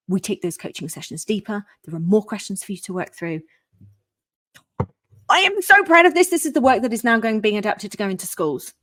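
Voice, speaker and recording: A woman, a parenting coach, pitching her program with effusive enthusiasm and sudden emphatic bursts. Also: a little mellow, no echo.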